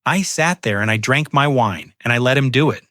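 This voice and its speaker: A man's voice: medium pitch, lively intonation, normal speed, bright, forceful tone, no room sound, studio quality. A man voicing a remorseful adult daughter who pleads tearfully in a storybook reading.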